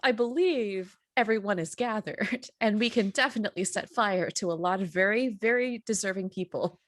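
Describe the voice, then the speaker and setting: A woman's voice: medium pitch, normal speed. A woman player in a tabletop role-play game who describes her character's moves with frequent giggles. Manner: giggly, laughing through her plans.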